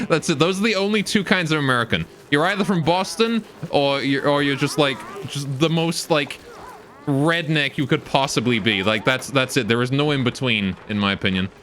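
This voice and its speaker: A male live streamer with a mid-pitched voice narrates his moves as he plays. He swears and mutters at the game, then turns to chat with his viewers. A faint noise runs under his voice. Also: normal speed, a bit bright. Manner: talks to viewers between game instructions. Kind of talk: live gameplay commentary.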